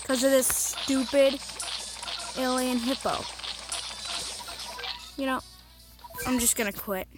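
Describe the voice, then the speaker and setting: A woman's voice: high-pitched, slow pace, pauses often. Chatty woman narrating her mobile game. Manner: chatty, self-mocking, bursts of excited cheering. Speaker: mobile game video host. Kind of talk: casual gameplay commentary. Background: game music.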